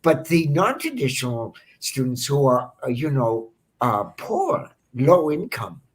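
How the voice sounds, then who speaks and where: A man's voice: medium pitch, sing-song, unhurried, breathy edge. A man co-hosting a remote event, chatting casually in a hesitant, jokey way that repeats words. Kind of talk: casual chat.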